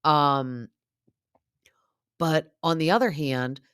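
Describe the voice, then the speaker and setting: A woman's voice: low-pitched, drawn-out words, a bit bright, clear, resonant tone, no room sound, clean studio sound. A young adult woman hosting a podcast, chatting casually and rambling with lots of fillers. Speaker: podcast host. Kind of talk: casual recap chat.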